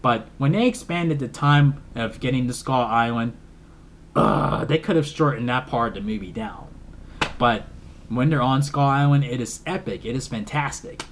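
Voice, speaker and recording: A man chats through a film review in a loose, rambling way, stumbling over repeated words and breaking into laughs. His voice sits at an ordinary middle pitch, relaxed and unscripted. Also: moderate pace, a little hiss or hum. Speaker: movie reviewer. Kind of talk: casual film review vlog.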